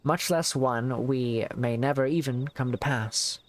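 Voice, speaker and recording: A man voicing a solemn, formal male official in a game, reading in a measured way. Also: medium pitch, lightly acted.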